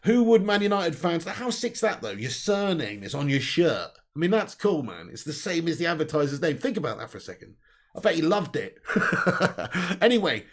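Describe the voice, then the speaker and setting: A man hosting a loose livestream, reading viewer comments aloud and riffing on them. He is laddish, swears freely and laughs a lot. His voice sits a little high with a gravelly crackle. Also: very animated, brisk. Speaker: livestream host. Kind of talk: casual live-stream chat reading comments.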